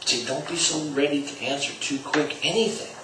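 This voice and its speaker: A man's voice: on the high side, a little fast, background noise. A man teaching salespeople through a story, acting out the dialogue with swings in volume. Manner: acts out dialogue with shifting volume. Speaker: sales trainer. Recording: roomy, distant mic, faint ambience.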